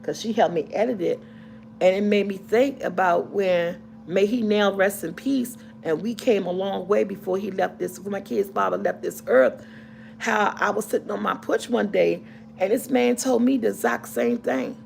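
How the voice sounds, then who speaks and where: A woman's voice: mid-range voice, lively intonation, normal speed, vocal fry, darkish tone, slight background noise. A middle-aged woman vlogger telling a personal story to camera in a casual, heartfelt, rambling way, often restarting and repeating herself.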